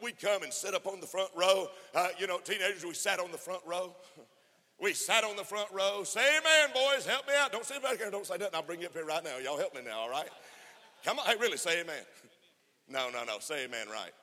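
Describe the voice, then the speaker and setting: A man's voice: fairly high pitch, sharp tone. A man preaching a fervent sermon to a conference, often laughing and calling for amens. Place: church conference hall. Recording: echoey hall reverb.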